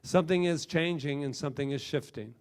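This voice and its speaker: A middle-aged man, a minister, giving an animated, emphatic sermon full of repetitions and asides. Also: a little high, fairly quick, clear, resonant tone.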